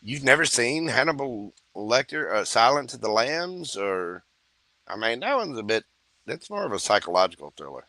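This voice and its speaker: A man's voice: medium pitch, sing-song, moderate pace, sharp tone, dry recording. A man reading tarot on a livestream, joking and chatty in a playful mood. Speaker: tarot reader.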